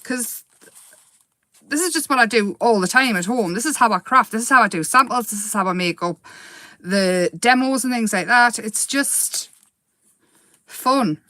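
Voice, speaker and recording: A woman hosting a casual live craft demo, chatty and quick to giggle as she paints. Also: medium pitch, a bit bright, dry recording.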